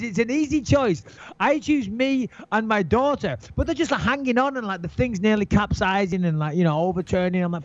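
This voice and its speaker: A middle-aged man telling an animated, swearing anecdote in casual chat, acting out his own panic. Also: high voice, brisk, no echo. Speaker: guest storyteller. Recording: dull lo-fi sound, dry.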